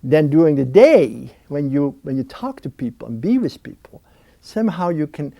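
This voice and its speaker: A man's voice: fairly high pitch, big pitch swings, moderate pace, gravelly, dark tone, no echo. A man being interviewed, talking in a reflective way with a restless, nervous energy and many restarts. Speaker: interview guest. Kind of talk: reflective interview talk on prayer.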